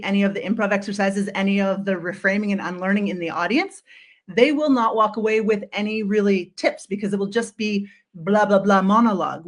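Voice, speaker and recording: A woman with a mid-range voice on a live video call, a motivational humor speaker musing about her work. She talks in halting bits, filling gaps with fillers as she works out her thoughts. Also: medium pitch. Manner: hesitant, thinking aloud with many "like"s. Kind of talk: live video-call conversation, asking advice.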